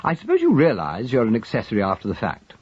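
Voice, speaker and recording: A man voicing a wry English gentleman detective in a dry, understated way, on a dull lo-fi recording. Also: mid-range voice, wildly swooping pitch, quick pace, breathy edge, no echo, voice pushed up.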